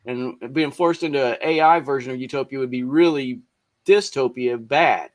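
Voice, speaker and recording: A man's voice: mid-range voice, normal speed, no echo. A man co-hosting a casual podcast chat, telling a rambling story and cracking jokes. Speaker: podcast co-host.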